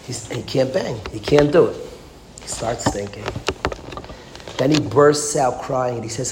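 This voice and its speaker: A man's voice: medium pitch, unhurried, pauses often. Man preaching in an echoey, noisy room. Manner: emphatic, repetitive, builds to passionate exclamations. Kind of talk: storytelling sermon. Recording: echoey room with background noise.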